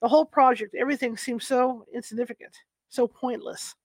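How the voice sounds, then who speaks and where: A woman's voice: fairly high pitch, steady tone, fairly quick, dry recording, lightly acted. Woman reading as a weary, practical husband.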